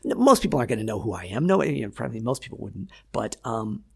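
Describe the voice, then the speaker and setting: A man, an actor being interviewed, telling lively behind-the-scenes stories and acting out what people said. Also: medium pitch, fast, vocal fry, breathy edge. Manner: animated storyteller, acts out quotes. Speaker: actor guest. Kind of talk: casual interview chat.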